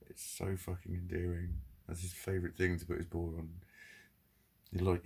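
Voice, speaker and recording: Guy venting to camera, husky deep voice, swears constantly. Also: a little mellow. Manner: heavy swearing, ranting, candid. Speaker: vlogger. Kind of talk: confessional monologue.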